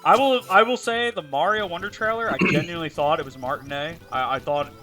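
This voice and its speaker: A man's voice: on the high side, a little fast, bright, forceful tone, faint music behind. A man streaming a game live, chatting casually in a profane, joking, rambling way. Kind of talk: casual chat while playing a game live.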